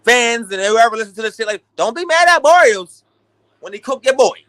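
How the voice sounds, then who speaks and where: Bright-voiced man ranting on a stream. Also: extremely high pitch, fairly quick, no room sound. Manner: animated, profane, ranting. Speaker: boxing talk show host. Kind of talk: casual livestream rant.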